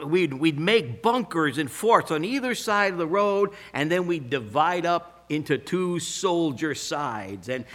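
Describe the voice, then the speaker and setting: An older man preaching a sermon, telling stories with emphatic, animated delivery. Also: fairly high pitch. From Pacific Northwest US. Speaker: pastor.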